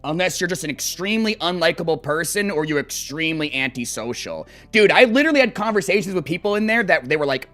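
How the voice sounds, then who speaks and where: Male streamer, casual chat over gameplay, rambling and profane, bright lively voice, faint music behind. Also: on the high side, quick pace, hardly any pauses. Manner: animated, profane, rambling storytelling. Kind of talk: casual chat while gaming.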